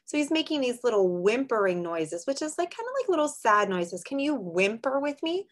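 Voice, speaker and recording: A woman teacher reading a picture book aloud to young children, in a sing-song, expressive storybook voice with teaching asides. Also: fairly high pitch, moderate pace.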